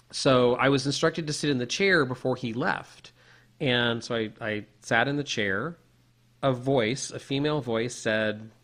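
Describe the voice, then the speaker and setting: A man co-hosting a podcast, telling a personal story in a casual, animated way with many restarts. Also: mid-range voice. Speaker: podcast co-host.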